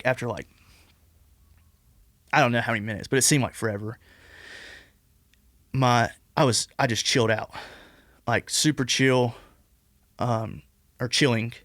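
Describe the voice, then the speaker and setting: A man in his twenties, appearing as a podcast guest, tells a long personal story in a casual, rambling way packed with "like" and restarts. His voice is mid-range with a fairly bright tone, recorded dry at studio quality.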